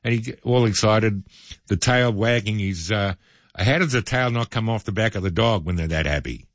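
A man's voice: fairly low pitch, normal speed, dry recording, dull audio. A male radio host, chatting casually with jokey asides.

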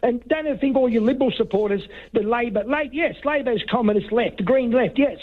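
A man's voice: very high-pitched, fast talker. A man calling a talkback radio show who rambles and stumbles, often talking over the host. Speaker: radio caller. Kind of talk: heated talkback call. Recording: tinny phone line.

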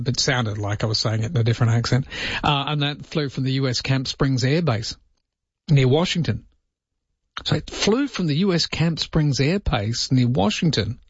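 A mid-range, husky male voice hosts overnight talk radio, joking his way through the news with mock incredulity and putting on comic accents. It's casual banter picked up on a dry studio microphone, and the broadcast audio sounds muffled.

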